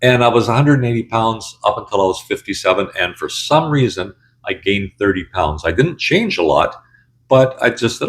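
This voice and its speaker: Blunt, low-voiced man in his sixties. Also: expressive, normal speed. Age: 60s. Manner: candid, blunt, conversational. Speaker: channel host. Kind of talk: casual personal storytelling.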